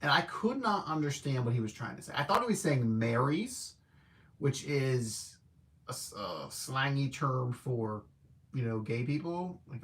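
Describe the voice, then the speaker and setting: A man's voice: medium pitch, very animated, a little slow, a bit bright. A man hosting a casual livestream movie review, rambling and correcting himself as he thinks aloud. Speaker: film reviewer host.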